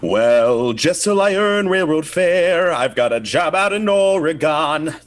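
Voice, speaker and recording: Man, lively pitch, unhurried, joking table-read lead for a radio-play parody. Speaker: amateur reader in a comedy table read.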